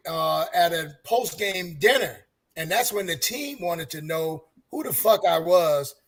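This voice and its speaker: A man's voice: sits high, fairly bright tone. An older man, a longtime super fan, telling earnest stories on a fan roundtable and giving life advice. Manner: earnest, preachy, gives advice. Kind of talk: casual storytelling.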